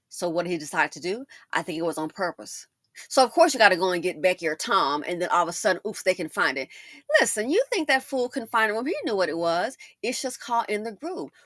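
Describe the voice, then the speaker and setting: Bright, lively woman commentating. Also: medium pitch, no room sound, clean studio sound. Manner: emphatic, rhetorical questions, repeats herself. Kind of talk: casual storytime commentary.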